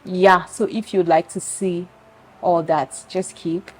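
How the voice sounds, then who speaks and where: A woman's voice: lowish voice, fairly even intonation, takes it slowly, heavy background noise. A woman in her thirties from Cameroon with a Cameroonian accent, speaking frankly and confidingly to her viewers in a personal vlog. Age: 30s. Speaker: vlogger.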